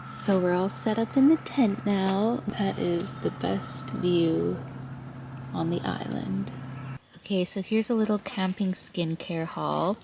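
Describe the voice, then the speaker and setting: A woman from Canada chatting casually as she vlogs from a camping tent on an island, relaxed and giggly, recorded on a handheld camera. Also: fairly low pitch, creaky. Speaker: vlogger. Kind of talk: casual vlog narration. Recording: noisy outdoor camp recording.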